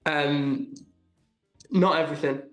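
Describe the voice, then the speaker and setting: A man's voice: fairly high pitch, steady tone, takes it slowly, a bit bright, echoey room, faint music behind. A young man from England, an actor, chatting eagerly in a casual interview with lots of ums and likes. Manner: enthusiastic, many ums and likes. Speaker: actor guest. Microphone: video call.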